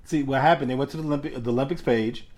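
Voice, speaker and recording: A man's voice: medium pitch, racing, a crowd in the background. A man in casual chat with a friend, laid-back and slangy, laughing often between words.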